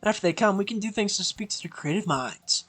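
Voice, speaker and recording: A bubbly, clumsy teenage schoolgirl from a visual novel, put on by a streamer reading it aloud. She sounds chirpy and eager and jumps high in pitch. Soft music plays faintly underneath. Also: lively intonation, a little fast. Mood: earnest.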